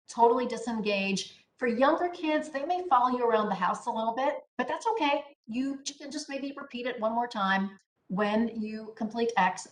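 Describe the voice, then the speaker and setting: A woman giving an instructional parenting presentation, speaking emphatically and often checking in with "right?". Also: fairly high pitch. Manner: emphatic, keeps asking "right?". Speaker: parenting educator. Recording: echoey room.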